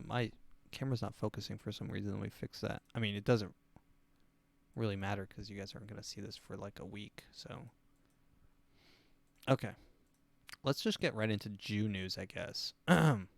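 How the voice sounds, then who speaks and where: A man's voice: fairly low pitch, normal speed, vocal fry, pauses often. A man hosting his own podcast, rambling through a crude, self-amused comedic monologue. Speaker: podcast host.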